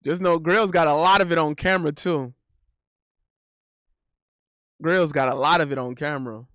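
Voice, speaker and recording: A man streaming casual banter in a playful, animated way, breaking into silly sound effects. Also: a little high, normal speed, no echo, clean studio sound.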